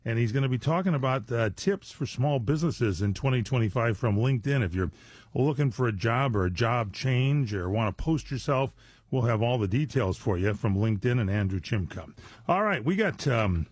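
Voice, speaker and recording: Husky older man rambling on the radio. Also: mid-range voice, lively intonation, moderate pace, dry recording, studio quality. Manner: rambling, full of fillers and jokes. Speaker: radio host. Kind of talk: casual chat. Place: radio studio. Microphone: studio microphone.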